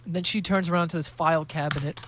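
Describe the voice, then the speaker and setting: A man's voice: on the high side, fairly even intonation, fast talker, noisy background. A young man hosting a podcast, telling rambling, profane, joking stories in casual chat. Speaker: podcast host.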